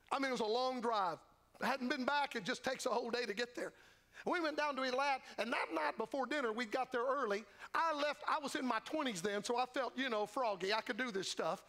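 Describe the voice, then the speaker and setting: A man's voice: extremely high pitch, sharp tone. A man preaching a fervent revival sermon in a church, building his points through repeated phrases. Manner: fervent, repetitive preaching cadence. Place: church sanctuary.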